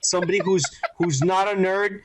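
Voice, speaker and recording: A man's voice: high voice, normal speed, background noise. A man co-hosting a casual podcast, griping and swearing as he retells scenes. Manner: animated, swears a lot, acts out scenes in quoted voices. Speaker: podcast co-host. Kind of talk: casual profane review chat.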